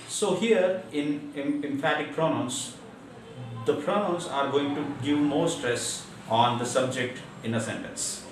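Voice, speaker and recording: A man teaching a grammar lesson in a slow, deliberate way, leaning on key words as he explains. His voice is recorded from some distance in a strongly echoing room. A faint hiss sits under it. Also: medium pitch. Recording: very echoey room, mic far off, faint hiss.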